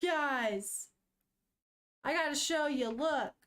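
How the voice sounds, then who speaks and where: Brief: young woman streamer, chatty and animated, a touch high-pitched, unhurried, casually swearing. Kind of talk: reading a manga aloud live to chat.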